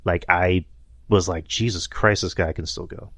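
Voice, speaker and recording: A low-pitched man talking casually on a podcast, rambling through his thoughts with plenty of fillers and easy laughs. The sound is dry and close. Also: steady tone, moderate pace, a bit bright, no echo. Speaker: podcast co-host. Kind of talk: casual chat.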